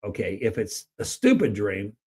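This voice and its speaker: At a normal speed and with a slightly rough voice, this sales trainer co-hosts a podcast and teaches sales in relaxed conversation. He talks energetically, tends to repeat words at the start of sentences, and performs pitches both lively and flat.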